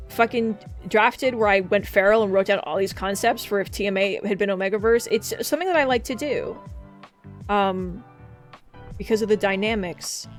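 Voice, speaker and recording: A woman streamer chatting casually and excitably, often swearing and breaking into laughter. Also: medium pitch. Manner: excitable, swears a lot, frequent laughing outbursts. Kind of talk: casual live-stream chat. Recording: faint background music.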